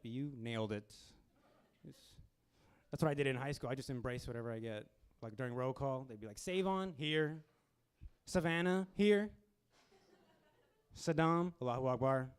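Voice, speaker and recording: In a small club, a young man with a medium-pitched voice hosts a stand-up show, chatting casually, dropping deadpan asides and acting out customers.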